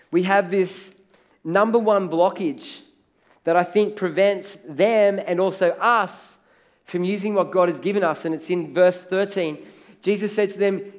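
A middle-aged man preaching a sermon as pastor, in a conversational way, acting out the voices of the people he quotes. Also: high voice.

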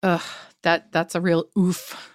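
A woman's voice: fairly low pitch, level tone, takes it slowly, dry recording, clean studio sound. A woman co-hosting a parenting podcast who reads stories and reflects earnestly. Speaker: podcast co-host. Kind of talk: reading a listener story and chatting.

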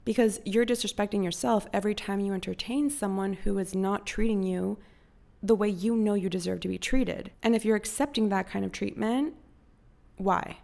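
A woman's voice: mid-range voice, gravelly, a little mellow. A young woman from Costa Rica hosting a podcast, giving casual motivational advice in a frank, profane, pep-talk manner. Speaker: podcast host.

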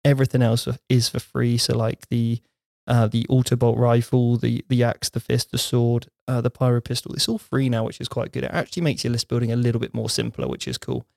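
A man's voice: mid-range voice, brisk, creaky, a little mellow, no room sound, studio quality. A man co-hosting a casual gaming talk show, rambling through lists and correcting himself as he goes. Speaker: podcast co-host. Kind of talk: casual chat about tabletop gaming.

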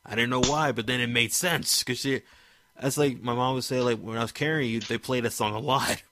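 A man's voice: medium pitch, steady tone, fairly quick, noisy background. A man from Maryland hosting a casual chat, laid-back and profane, filling his talk with "you know". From Maryland, USA.

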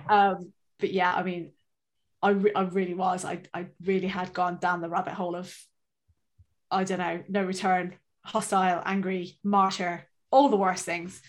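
A woman's voice: on the low side, flat delivery, normal speed. Woman in her thirties, rambling storyteller, swears freely, self-mocking; casual podcast chat. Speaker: podcast co-host.

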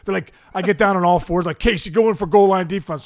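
A middle-aged man from the Pittsburgh area telling comic stories on a podcast, acting out quotes with shouts and laughs. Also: sits high, fast talker, creaky, no room sound. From Pittsburgh area, USA. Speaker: podcast guest. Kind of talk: comic storytelling.

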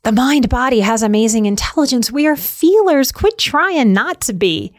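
A middle-aged woman with a fairly high voice talks earnestly to her listeners, leaning on repetition for emphasis. The recording is close and dry, with no room sound. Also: expressive, moderate pace, no room sound. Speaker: podcast host on anxiety. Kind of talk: reflective talk to listeners.

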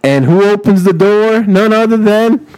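Animated man telling an improvised story. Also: high voice, measured pace, a little hiss or hum, low-quality recording. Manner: animated, laughing, profane. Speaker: storyteller leading the game.

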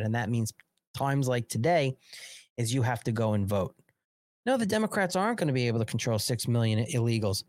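A man's voice: mid-range voice, a little mellow, no echo, clean studio sound. A man hosting a live political talk show, delivering emphatic, repetitive commentary laced with swearing.

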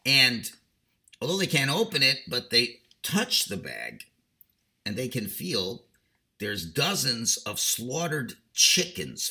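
A man, a rabbi, giving a sermon and telling a parable in an animated way. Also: mid-range voice, creaky. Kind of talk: sermon with storytelling.

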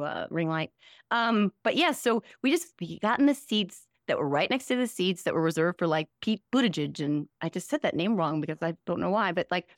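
A woman's voice: on the low side, dry recording, studio quality. A woman in her forties, a podcast guest chatting casually, self-mocking and laughing often. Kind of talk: casual chat.

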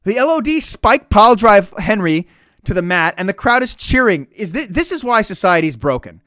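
A man's voice: high voice, big pitch swings, normal speed, a bit bright, no room sound, studio quality. A man hosting a comedic podcast, talking in a sarcastic, profane, ranting way. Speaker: podcast host.

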